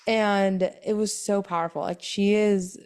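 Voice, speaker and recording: Young pregnant woman, co-host, tired, lively storyteller who acts out the voices and laughs often. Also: mid-range voice, measured pace, clear, resonant tone. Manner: chatty storytelling, animated quoted voices, frequent laughs. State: pregnant, exhausted from sickness. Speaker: podcast co-host. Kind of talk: casual chat.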